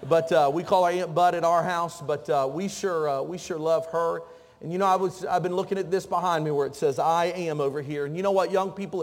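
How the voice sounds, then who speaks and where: A man preaching a sermon in a church, joking with the congregation and calling out to them. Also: fairly high pitch. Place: church sanctuary. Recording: long reverb of a church hall.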